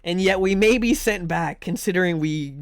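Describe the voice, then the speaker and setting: Live-streaming a game, a man jokes, swears and rambles as he reacts to his chat in casual commentary. His voice sits high at normal speed, recorded in studio quality with no room sound.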